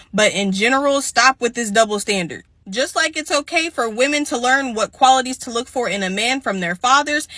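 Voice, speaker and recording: Host-type woman, bright and punchy, dry close sound, blunt and preachy commentary. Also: on the high side, dry recording. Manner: blunt, lecturing, sassy. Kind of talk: reaction commentary on clips.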